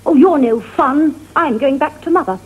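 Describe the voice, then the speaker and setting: A coy, flirtatious woman, voiced by an Irish man in falsetto, coaxing and teasing in a high register. The sound is thin and tinny, like a phone line. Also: normal speed.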